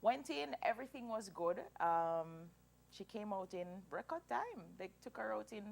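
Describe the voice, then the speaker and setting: A woman in her thirties telling a personal story as an interview guest, animated and emotional, laughing through tears. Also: medium pitch, normal speed, creaky. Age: 30s.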